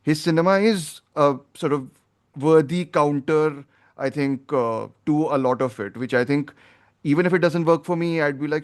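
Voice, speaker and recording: A man's voice: on the high side, normal speed. A man hosting a film podcast, talking in a rambling, opinionated way as he thinks aloud. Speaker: podcast host. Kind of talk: casual film review chat.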